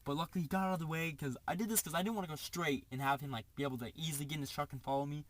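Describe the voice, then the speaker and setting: A young man casually telling a story, animated, acting out the quotes, with lots of "like" as filler. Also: a little high, rapid-fire.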